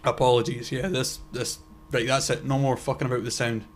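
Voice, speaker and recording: A young man co-hosting a laid-back podcast. His voice sits in a middle pitch, and he rambles through his thoughts with plenty of fillers and offhand swearing. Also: little pitch movement, a little fast. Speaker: podcast co-host. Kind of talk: casual chat.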